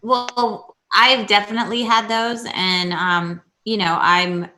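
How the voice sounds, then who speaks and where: A woman in her thirties co-hosting a casual chat, telling a story in a lively way with many restarts. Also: mid-range voice, slow pace. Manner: chatty storyteller, animated retelling with many restarts. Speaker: co-host. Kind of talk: casual video-call chat.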